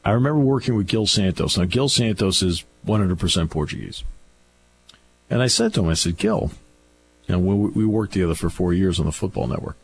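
A man's voice: low voice, expressive, quick pace, a little hiss or hum. A middle-aged man hosting a radio talk show, telling stories in a chatty way with restarts. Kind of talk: casual radio chat. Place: radio studio.

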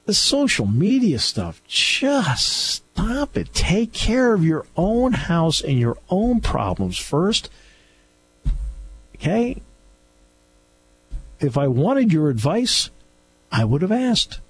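A man's voice: a little high, very animated, takes it slowly, long pauses, husky. A man hosting a talk radio show in a studio, delivering an opinionated, sarcastic and scolding monologue.

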